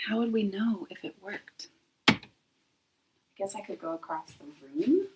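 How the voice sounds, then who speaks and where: A woman's voice: mid-range voice, measured pace, very noisy. A woman hosting a casual livestream at home, talking to herself while she troubleshoots her equipment. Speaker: host of a comedy web series.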